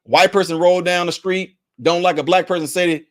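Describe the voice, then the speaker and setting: A man's voice: high voice, steady tone, fairly quick. A man giving emphatic, preachy spoken commentary, repeating his points to hammer them home. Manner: acts out what others say in put-on voices. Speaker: commentary vlogger.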